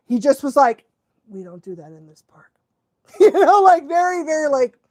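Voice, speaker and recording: A young woman, a dog trainer, chatting casually on a live stream, excitable and animated, laughing often and sometimes losing her thread. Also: fairly high pitch, dry recording. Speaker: dog trainer hosting a live watch-along.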